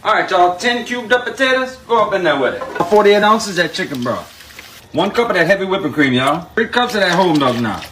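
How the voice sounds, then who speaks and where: A man's voice: sits high, big pitch swings, brisk, pushed and bright, a little hiss or hum. Folksy man calling out recipe steps. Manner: folksy, keeps calling out to viewers. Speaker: home cook. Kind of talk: cooking video instructions.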